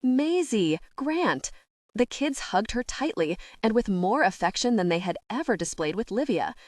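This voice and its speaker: Woman audiobook narrator, wry, lively pitch, dry close recording. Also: moderate pace, no echo. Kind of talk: scripted narration.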